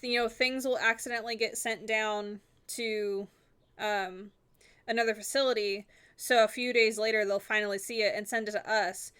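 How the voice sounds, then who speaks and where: Bright, clear-voiced woman streamer rambling. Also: medium pitch, steady tone, moderate pace. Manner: rambling, full of "like" fillers. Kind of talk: casual chat while gaming.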